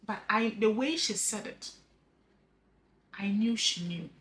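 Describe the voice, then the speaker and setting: A grieving widow talking earnestly to camera in a personal vlog, halting and repeating words, her voice dropping soft at the ends of phrases. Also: medium pitch, slight background noise, poor audio. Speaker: vlogger sharing a personal story. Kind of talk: heartfelt personal vlog monologue.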